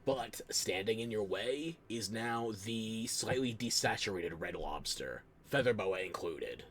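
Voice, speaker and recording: This live-streamer's voice is on the low side, expressive and fairly bright, delivered at a measured pace with hardly any pauses. He chats casually and self-deprecatingly with viewers while playing, close to a desk microphone, with slight background noise.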